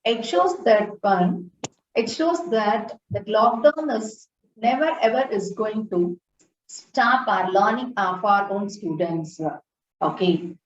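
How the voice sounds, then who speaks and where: A woman giving a formal webinar address as a student branch counselor, earnest and encouraging, with many filler pauses. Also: mid-range voice, slight background noise. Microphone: video call. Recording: roomy, distant, dull lo-fi call audio.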